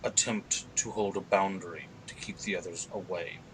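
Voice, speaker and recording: Dude playing a careful adventurer, low voice, each word weighed. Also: male voice, steady tone, moderate pace, background noise, lightly acted. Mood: probing. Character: measured adventurer Sindric, a man.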